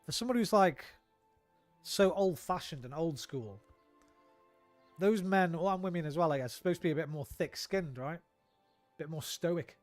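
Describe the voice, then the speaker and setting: A man's voice: fairly high pitch, animated, moderate pace, dry recording, faint music behind. A young man rants and swears casually while streaming a game. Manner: sweary, ranting. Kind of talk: casual gameplay chat.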